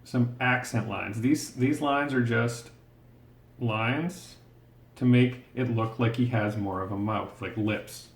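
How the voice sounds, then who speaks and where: A man's voice: mid-range voice, takes it slowly, creaky. A man teaching a step-by-step drawing lesson, patient and encouraging, talking through each stroke as he draws. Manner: patient, encouraging, thinks aloud while drawing. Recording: roomy echo.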